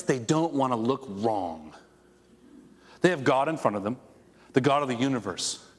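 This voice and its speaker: A male pastor preaching a conversational, animated sermon to his congregation, with asides to the people in the room. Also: on the high side. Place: church sanctuary before a congregation. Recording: long echo of a church hall.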